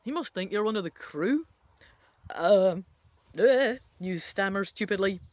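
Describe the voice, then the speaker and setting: A woman's voice: medium pitch, expressive, a little fast, dry recording. A woman reading an interactive adventure book aloud, adding playful, chatty asides to the listener.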